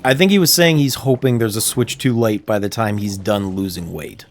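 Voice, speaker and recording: A man's voice: lowish voice, moderate pace, soft background music. A Canadian man chatting casually while livestreaming a game, telling stories and laughing often. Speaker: streamer. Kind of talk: casual gameplay livestream chat.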